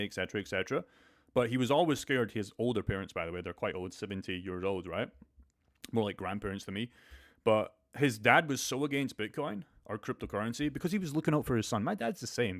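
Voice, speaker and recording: Fast-talking blunt man. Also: fairly low pitch. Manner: fast, blunt, profane motivational talk. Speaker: crypto live stream host. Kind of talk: casual live stream chat.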